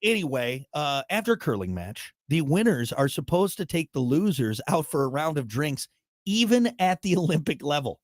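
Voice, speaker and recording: Jokey guy host, high voice, rambly and caffeinated, dry mic. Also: big pitch swings, normal speed, dry recording. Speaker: show host. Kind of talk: casual morning show banter.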